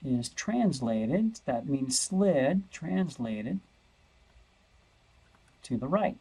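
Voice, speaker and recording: A man's voice: mid-range voice, sing-song, drawn-out words, dark tone, slightly rough, low-quality recording. A man teaching a math lesson over a screen recording, thinking aloud and repeating words as he searches.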